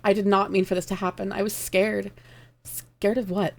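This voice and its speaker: A woman reading aloud and voicing a grieving witch leader who pleads and apologizes in a raised, urgent voice. Her voice has a gravelly edge. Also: medium pitch, flat delivery, normal speed. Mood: remorseful.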